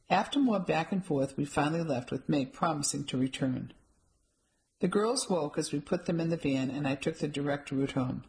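A woman reading first-person audiobook narration in a measured storytelling manner. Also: low-pitched, darkish tone, rough recording.

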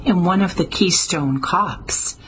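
A woman's voice: on the low side, slow pace, a little hiss or hum, pitched above the performer's own voice, rough recording. A woman reading an audiobook, voicing a blunt, cynical, moody man who talks sharply. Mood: scoffing. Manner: sharp, scoffing. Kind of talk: audiobook character voice.

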